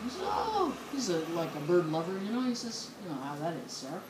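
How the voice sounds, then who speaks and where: This joke-telling co-host has a lowish voice with lively intonation and talks fast. Her long jokes meander as she laughs mid-joke and loses track, recorded in an echoey space with clear background noise.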